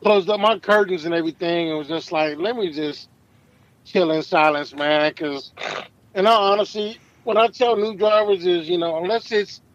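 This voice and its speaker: A middle-aged man, a truck driver, telling stories casually, profane and animated, acting out the people in them. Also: high voice, moderate pace, no echo, lo-fi sound. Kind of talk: casual podcast storytelling.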